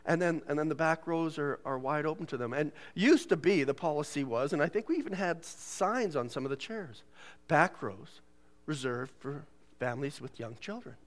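At a moderate pace, an animated pastor with a voice on the high side gives a sermon in the church sanctuary. He laughs and jokes frequently, imitating voices when quoting others.

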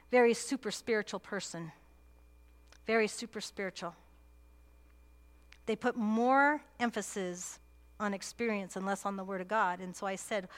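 A woman pastor preaching a sermon, earnest and emphatic, repeating key phrases for weight. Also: mid-range voice.

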